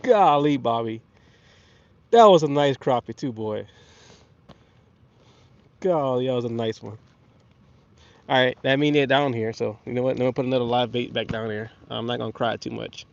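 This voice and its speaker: A man with a hoarse voice from a cold, chatting casually on a fishing livestream from a lake. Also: medium pitch, normal speed, pauses often, dry recording. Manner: excitable, talks to viewers and fish. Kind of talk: casual live-stream chat. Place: outdoors on a lake. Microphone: camera mic on the body. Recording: muffled lo-fi outdoor stream.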